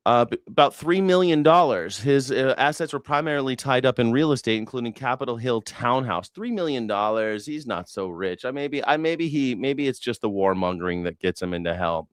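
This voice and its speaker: A man hosting a news reaction stream who rambles, swears freely and mocks the news with sarcasm. His voice is smooth and clear. It is recorded close and dry, with no room sound. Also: mid-range voice, no echo. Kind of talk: casual livestream commentary.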